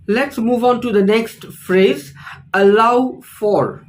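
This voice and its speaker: Slow-talking teacher. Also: medium pitch, rough recording. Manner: slow, deliberate explanations with repeated examples and fillers. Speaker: English teacher. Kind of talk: explaining phrases in an online lesson.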